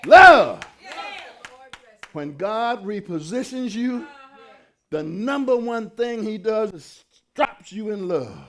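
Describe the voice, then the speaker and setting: A pastor with a high, expressive voice preaches a sermon slowly, fervent yet conversational. He works up to shouted peaks and drops in folksy asides along the way.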